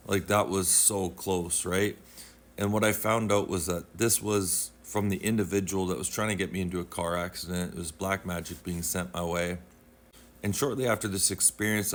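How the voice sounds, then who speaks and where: Man, middle-aged, very low voice, casual storytime, rambling with fillers. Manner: rambling, conversational, with many fillers and reenacted quotes.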